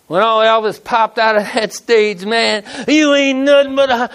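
His voice sits high with a fairly bright tone, lively intonation and a slightly fast pace as this pastor in his sixties preaches casually. The sermon is folksy and conversational, full of stories and acted-out quotes in everyday speech.

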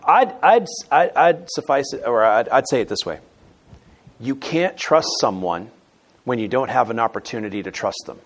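Animated male preacher, lively delivery. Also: mid-range voice, moderate pace, creaky. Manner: emphatic, swings between loud stresses and quiet asides. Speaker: pastor. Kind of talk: sermon.

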